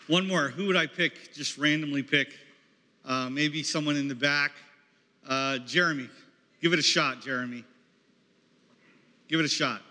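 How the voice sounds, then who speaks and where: A man's voice: a little high, normal speed, long pauses, sharp tone. A man leading a campus ministry, preaching in a conversational way and calling on people in the audience. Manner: conversational, calls on audience members. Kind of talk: sermon. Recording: echoey hall.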